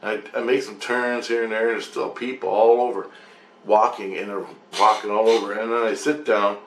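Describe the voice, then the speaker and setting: A man's voice: on the low side, moderate pace. A man recounting a strange dream in a rambling, repetitive way, swearing freely as he tells it. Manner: repetitive, profane, excitable retelling. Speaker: dream storyteller. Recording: roomy echo with faint ambient noise.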